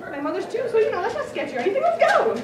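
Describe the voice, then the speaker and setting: A woman's voice: extremely high pitch, very animated, very fast, noisy background, pitched above the performer's own voice. A woman voicing a whiny, sickly teenage girl in a comic retelling, sing-song and complaining. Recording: echoey room, far mic, crowd chatter.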